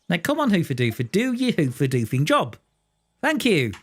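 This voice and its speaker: A man's voice: high-pitched, wildly swooping pitch, moderate pace. A man chatting casually while live-streaming a train simulator game, rambling, telling jokes and talking to his viewers. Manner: rambling, joking, talks to chat and himself.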